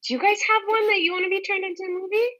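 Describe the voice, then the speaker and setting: A woman's voice: very high-pitched, fairly even intonation, rapid-fire, sharp tone, low-quality recording. A young adult woman, a Broadway performer as interview guest, chatting enthusiastically and rambling with many "like"s and restarts. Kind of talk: casual interview chat.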